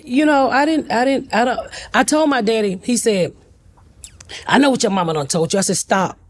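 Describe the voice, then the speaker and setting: A woman's voice: a little high, moderate pace. A middle-aged woman, a talk-show guest telling a family story bluntly and animatedly, with comic asides.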